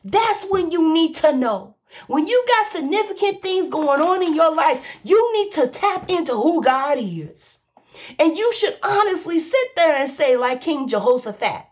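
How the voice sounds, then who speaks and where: A woman's voice: high voice, very animated, a little slow, lo-fi sound. A woman preaching a fervent sermon, repeating lines for emphasis and calling out to her listeners. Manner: exclaims and hums between phrases.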